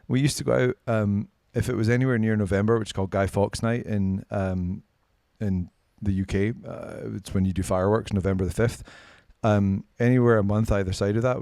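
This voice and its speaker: Scottish man, low voice, dry close sound, casual storytelling, swears freely. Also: vocal fry, darkish tone, no echo. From Scotland. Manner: swearing, laughing, self-mocking. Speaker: podcast guest.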